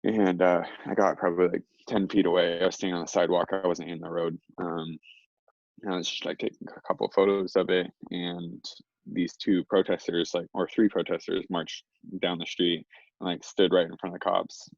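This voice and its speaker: A young man with a low voice and a gravelly, creaky edge tells a story in a loose, rambling way, filling gaps with "like" and "um". The recording is dry and a little dull and lo-fi. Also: little pitch movement, a little fast, no echo. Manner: rambling, heavy on fillers. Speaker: interview guest. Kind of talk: casual storytelling.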